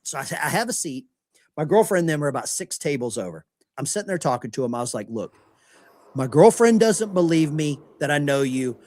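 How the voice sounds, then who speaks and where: Animated American man telling stories. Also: a little high, no room sound. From United States. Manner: animated anecdote-telling, acting out quoted voices. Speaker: podcast host. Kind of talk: casual storytelling chat.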